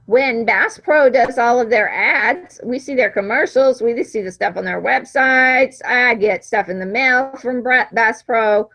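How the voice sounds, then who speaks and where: A woman's voice: a little high, a bit bright, rough recording. A woman teacher giving a classroom lecture, talking conversationally and checking understanding with frequent "right?".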